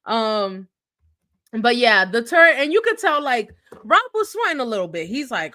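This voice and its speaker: Woman co-host, slightly high voice, chatty reality TV recap banter. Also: sing-song, bright, forceful tone. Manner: chatty, quick back-and-forth. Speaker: podcast co-host.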